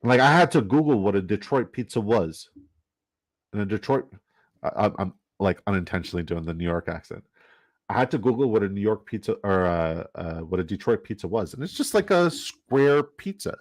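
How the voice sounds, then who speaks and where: A man's voice: fairly low pitch, animated, normal speed. A man from Canada, giving loose, jokey commentary and swearing casually while running down a fantasy football draft.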